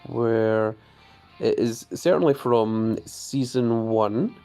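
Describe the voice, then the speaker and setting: A man's voice: fairly low pitch, very slow, soft background music. A man hosting a casual live stream of a game, chatting about his cards and reading viewer messages aloud before answering them. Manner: easily excited, voice jumps up on greetings.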